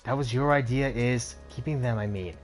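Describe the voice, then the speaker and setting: A defensive, aggrieved tattooed hacker, as a man reads him out in a mid-range voice. He sounds exasperated and quick to justify himself, with faint game music underneath. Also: mid-range voice, close to an everyday voice.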